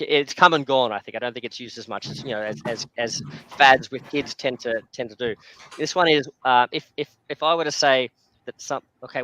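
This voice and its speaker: A man's voice: medium pitch, sharp tone. An Australian man hosting a casual video call chat, rambling with lots of fillers and frequent laughter. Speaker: channel host.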